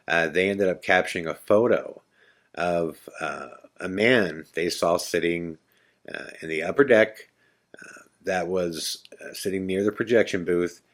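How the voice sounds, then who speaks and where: A man hosting a podcast, telling a ghost-hunting story in a relaxed, animated way with many fillers. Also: low-pitched. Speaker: podcast host. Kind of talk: casual storytelling monologue.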